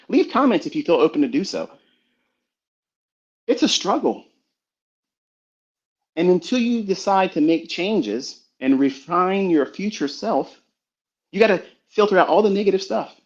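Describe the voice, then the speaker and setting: A man's voice: a little high, animated, normal speed. A man, a trading mentor, giving an emphatic, preachy, profane motivational talk on a live audio stream. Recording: dull lo-fi online stream audio.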